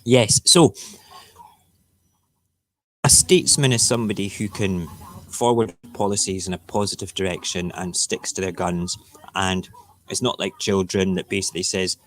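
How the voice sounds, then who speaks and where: A man's voice: low voice, normal speed, long pauses. Ranting man hosting a morning show. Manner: ranting, opinionated, rambling. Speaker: radio show host. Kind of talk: casual morning talk show rant.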